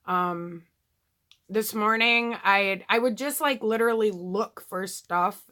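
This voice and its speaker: A woman's voice: mid-range voice, slow, bright, forceful tone. A woman talking candidly in a casual video diary, rambling with lots of ums and you-knows. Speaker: vlogger.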